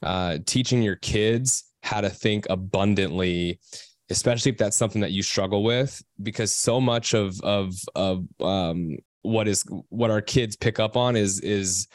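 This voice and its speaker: A man's voice: fairly low pitch, a little slow, dry recording, clean studio sound. A man speaking as a panelist in a round table discussion, stumbling over restarts before encouraging listeners. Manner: hesitant restarts, then encouraging.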